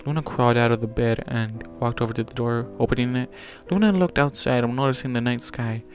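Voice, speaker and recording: A man's voice: medium pitch, fairly quick, a little mellow. Man reading a story aloud, self-correcting. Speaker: fanfiction reader. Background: faint music.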